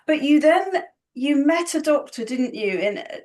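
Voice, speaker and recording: A woman interviewing a guest, asking questions with gentle, encouraging prompts. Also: high voice, lively intonation, measured pace. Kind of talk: conversational interview.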